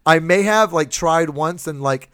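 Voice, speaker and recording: A man co-hosting a podcast, ranting loudly in a joking way during casual chat. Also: on the high side, unhurried, smooth. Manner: loud and animated, jokey rants. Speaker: podcast co-host.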